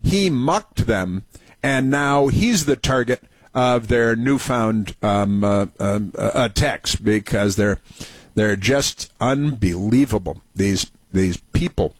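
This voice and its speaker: A man's voice: lowish voice, slow pace, breathy edge, no echo. A man hosting a political talk radio show, sarcastic and mocking, with many hesitant fillers.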